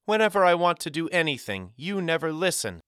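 A man voicing a spirited, bossy young girl with a high, sharp voice in an audiobook. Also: animated, normal speed, no room sound, clean studio sound. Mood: indignant.

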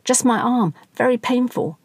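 A woman's voice: on the high side, lively intonation, normal speed, husky, no echo, pitched above the performer's own voice. A woman voicing an injured male cyclist who speaks in a quavering, shaken way in a storybook reading. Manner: quavering and brave.

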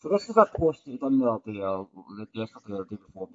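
A man's voice: fairly low pitch, sing-song, racing, fairly bright tone, dull audio. A man hosting a solo podcast off the cuff, rambling and often ending sentences with "right?". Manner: rambling, restarts often, tags lines with "right?". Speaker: podcast host.

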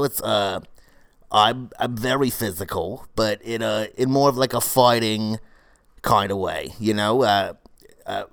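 A man, keeping close to his own fairly low voice, plays a brash fortysomething woman whose cold-yoga studio is struggling, rambling through a comedy monologue. The recording is dry, without room sound or echo, and she trips over "uh" and "you know" while tossing off crude comments in a flat, matter-of-fact way.

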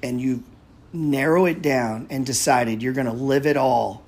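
A man's voice: mid-range voice, fairly even intonation, measured pace, a little mellow. A man hosting a live audio chat room, talking casually in a blunt, profane, rambling way. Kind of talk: casual talk.

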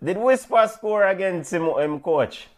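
A man with a Jamaican accent hosting a sports show, relaxed and steering the segments in casual chat. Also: sits high, unhurried.

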